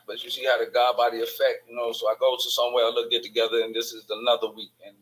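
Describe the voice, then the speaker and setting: A man with a Chicago accent hosts his own online channel, telling stories in a fast-moving monologue that rambles, digresses, and swears a lot. His mid-range voice is fairly bright but monotone, and the low-quality recording has slight background noise.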